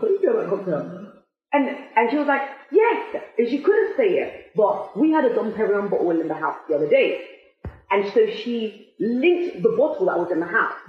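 Woman motivator, emphatic and questioning, heavy echo, tinny line. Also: mid-range voice. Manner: emphatic, with repeated rhetorical questions. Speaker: motivational speaker. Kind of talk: motivational talk to listeners. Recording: very echoey, tinny phone-like sound.

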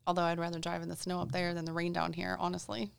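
A woman's voice: fairly low pitch, monotone, quick pace, gravelly, clear, resonant tone, dry recording. A woman from small-town Illinois, a guest in a casual chat, talking in an easygoing way and laughing often.

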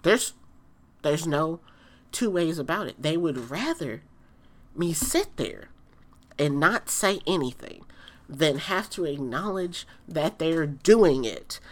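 A woman in a casual ranting monologue, blunt and emphatic, who repeats her points and swears freely. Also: sits low.

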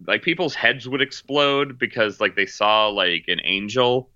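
A man's voice: medium pitch, a little slow, pushed and bright, no room sound, highs cut off. A man chatting casually about movies, rambling with lots of fillers and restarts. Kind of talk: casual chat.

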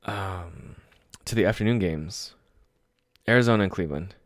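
Solo sports host, male, deep voice, dry close-mic sound, loose and profane. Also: moderate pace, no echo. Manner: excitable, swears freely, laughs at own stories. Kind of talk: casual solo sports talk.

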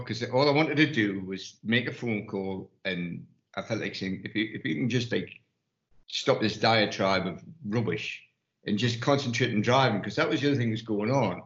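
A Geordie man from Newcastle, England, with a fairly low, slightly bright voice, tells rambling anecdotes full of restarts. He's an investment firm partner on a casual panel, and the recording sounds roomy and muffled.

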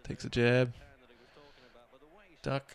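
A man co-hosting a casual podcast, reacting excitedly to fight clips, swearing and laughing often. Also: medium pitch, drawn-out words, gravelly, clear, resonant tone. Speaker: podcast co-host.

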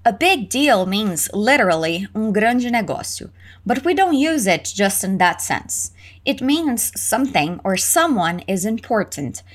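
Slow, lively woman teaching English phrases. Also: mid-range voice. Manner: lively, exaggerated intonation for learners to repeat. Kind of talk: slow, clear repetition drills.

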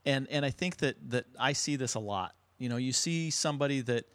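Joking podcast host, dry close sound. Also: male voice, medium pitch, fairly quick, no room sound. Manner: joking, teasing. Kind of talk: casual podcast chat.

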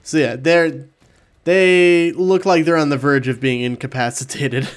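A man narrating as game master of a tabletop game, calm and unhurried, with chuckles between lines. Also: on the high side.

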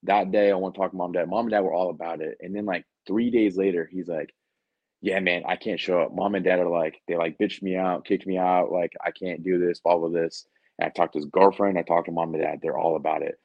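A man's voice: deep voice, steady tone, brisk, dry recording, lo-fi sound. A young man, a Marine recruiter, telling a story casually on a podcast, slangy and blunt with lots of fillers. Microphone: podcast mic.

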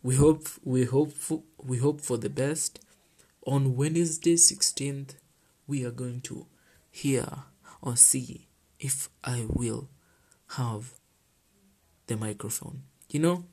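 A man's voice: mid-range voice, fairly even intonation, slow, long pauses, dark tone, husky. A teenage boy from Kenya with a Kenyan accent, hosting his own show in a chatty, heartfelt monologue that mixes in Swahili slang. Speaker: host. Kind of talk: casual solo podcast chat.

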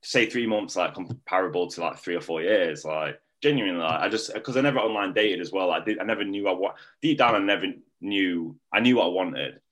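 A man's voice: deep voice, animated, fairly quick, hardly any pauses, fairly bright tone. A young man telling a personal story in a rambling, casual way, full of filler words.

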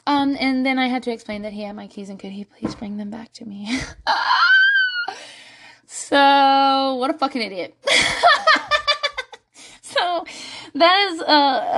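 A young woman telling a candid, self-mocking story in a casual monologue, swearing freely and laughing often. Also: a little high. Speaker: podcast host.

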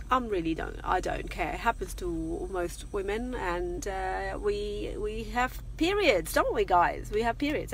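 A woman's voice: mid-range voice, a bit bright, a little hiss or hum. A middle-aged woman chatting casually and confidingly on a live vlog from her parked car. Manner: chatty, confiding, laughs often. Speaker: vlogger.

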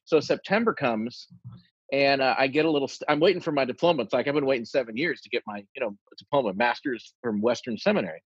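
A man with a husky voice tells a long funny story to friends, acting out each quoted line. His voice sits at a middling pitch. The recording is dull and dry. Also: fast, no echo. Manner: animated anecdote teller, acts out quoted lines.

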